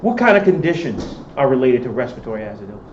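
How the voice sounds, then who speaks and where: A male professor with a mid-range, sing-song voice lectures very fast, quizzing his students and answering the questions himself. The echoey lecture hall gives a dull sound with a faint hiss.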